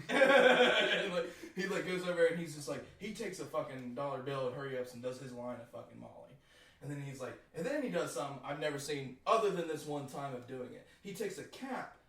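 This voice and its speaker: A man's voice: fairly high pitch, animated, brisk, fairly bright tone. A young man, a guest from a band, telling a long story in a rambling, profane way, laughing often and filling gaps with "like". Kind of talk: casual storytelling. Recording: echoey room, distant mic.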